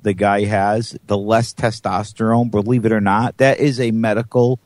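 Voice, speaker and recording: A man co-hosting a live podcast in a studio, making dry, teasing jokes in a deadpan way. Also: lowish voice, moderate pace, no echo. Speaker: co-host. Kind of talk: casual live show banter.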